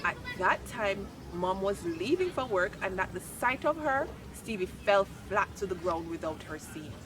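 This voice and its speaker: A woman reading a children's chapter book aloud, lively and expressive. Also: medium pitch, moderate pace, noisy background. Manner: expressive, lifts voice for quoted lines. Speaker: storybook reader. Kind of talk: read-aloud children's story narration.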